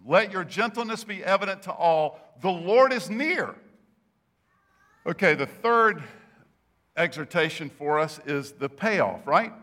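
A man's voice: high-pitched, bright, forceful tone. A man preaching a sermon, telling stories and stressing points with emphatic rises. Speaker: pastor.

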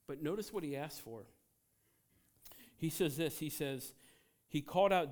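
A man preaching a sermon as pastor, emphatic and animated, swinging between loud outbursts and quiet asides. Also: on the high side, normal speed. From United States.

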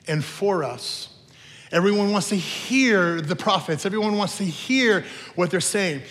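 High-voiced pastor preaching in an echoing hall. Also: male voice, fairly bright tone. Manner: conversational storytelling with teasing asides. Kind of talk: sermon. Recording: long reverb of a large hall.

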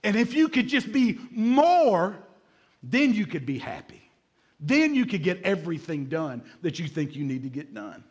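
High-voiced man preaching animatedly. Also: normal speed, highs cut off. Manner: animated, dramatic preaching with acted-out asides. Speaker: pastor. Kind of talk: sermon.

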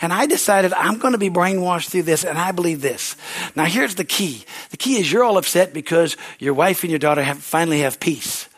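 A man preaching a sermon as pastor, building into excited shouts of praise with many hallelujahs. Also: high-pitched, brisk.

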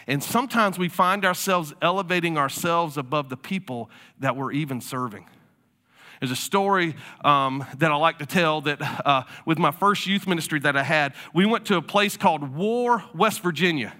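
Male pastor, sermon, conversational storyteller, bright tone. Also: high voice, animated, normal speed. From South Carolina. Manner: conversational storytelling preacher, casual fillers.

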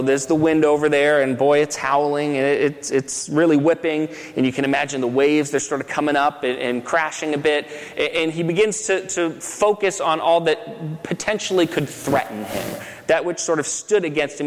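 His voice sits a bit high, his pace is normal, and a long reverb trails behind his words. The pastor preaches as if chatting, repeatedly checking in with "right?" and restarting sentences.

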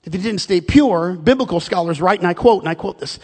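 A man's voice: sits high, expressive, fairly quick, few pauses, slightly rough. A man preaching a sermon, emphatic and storytelling, often repeating words as he builds a point. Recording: reverberant hall.

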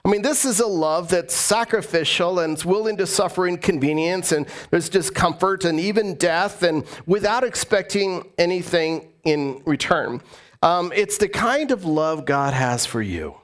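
A man's voice: high-pitched, animated, moderate pace. A man preaching a sermon as pastor, earnest and emphatic, repeating phrases for stress.

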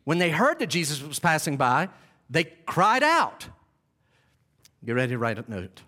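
A male pastor preaching a sermon in an animated, dramatic storytelling manner. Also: fairly high pitch, a little slow.

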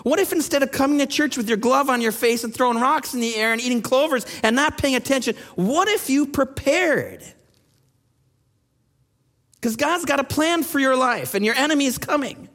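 A pastor in his thirties preaches in a church sanctuary, his voice sitting unusually high for a man. He moves from easy storytelling into urgent, pressing challenges, and long reverb from the hall trails each phrase. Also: lively intonation, normal speed, fairly bright tone. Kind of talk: sermon.

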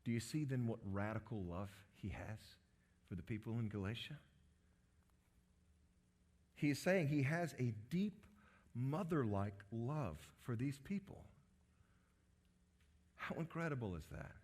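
Man, middle-aged, pastor preaching, earnest, average pitch, sudden loud rises, quiet drops. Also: lively intonation, measured pace, long pauses. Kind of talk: sermon.

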